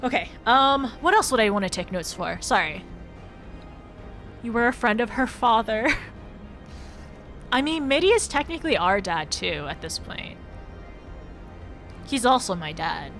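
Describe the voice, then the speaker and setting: A giggly woman streamer chatting with her viewers, her voice sitting a little high. She laughs often and stumbles over words before finding them. Faint music plays behind her. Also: sing-song, measured pace, long pauses, a bit bright. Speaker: livestreamer. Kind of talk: casual live-stream chat while gaming.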